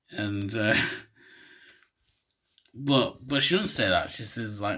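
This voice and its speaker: A man's voice: mid-range voice, animated, takes it slowly, a bit bright. A man hosting a comic vlog, rambling and swearing as he retells a cartoon episode with laughs. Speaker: host.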